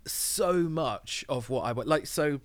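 Speaking slowly and with animation, a man with a slightly high voice hosts a podcast, wandering through his thoughts with many fillers and restarts; there's no room sound.

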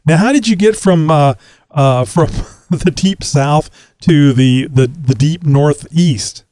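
A man's voice: fairly high pitch, takes it slowly, darkish tone, no room sound. A man from Texas hosting a casual podcast interview, chatty with frequent laughs and fillers. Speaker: podcast host.

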